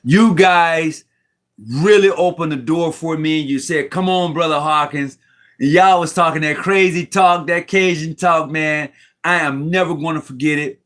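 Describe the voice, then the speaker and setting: Emotional high-voiced man on a video call. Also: fairly even intonation, a little slow, a bit bright. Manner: heartfelt, rambling, repeats himself, slangy. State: near tears. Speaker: Mason guest on a live stream. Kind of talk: emotional casual talk. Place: room at home.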